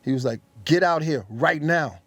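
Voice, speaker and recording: A man's voice: fairly high pitch, normal speed, slight background noise. A middle-aged man, a rapper telling stories in an interview and acting out what others said. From New York. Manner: acts out quotes in lively voices. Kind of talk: animated storytelling.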